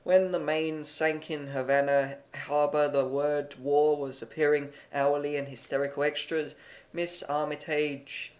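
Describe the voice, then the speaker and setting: Male amateur audiobook narrator, plain and measured, with a somewhat high voice. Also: flat delivery. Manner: plain, measured reading with occasional stumbles.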